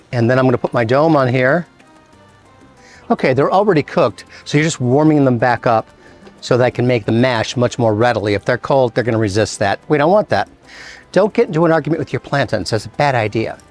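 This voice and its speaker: A man, a chef hosting a cooking demonstration, explaining each step in a relaxed, chatty way with playful asides. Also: mid-range voice, brisk, long pauses, soft background music. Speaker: chef and show host.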